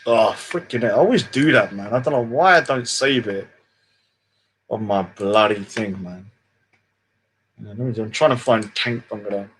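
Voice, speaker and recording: A man's voice: on the low side, normal speed, pauses often, fairly bright tone, a little hiss or hum. A man hosting a casual livestream, boastful and taunting, swearing often and trailing off into mumbles. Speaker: livestream host.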